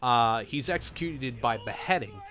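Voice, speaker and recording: A man's voice: medium pitch, animated, unhurried, a bit bright. A young man giving casual, rambling let's play commentary, correcting himself as he goes. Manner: rambling, self-correcting, laughs often.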